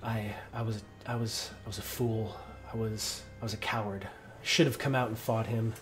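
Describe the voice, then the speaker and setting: A man's voice: on the low side, steady tone, moderate pace, fairly bright tone, soft background music, lightly acted. A man voicing a grieving, remorseful male city lord who stammers and repeats his words.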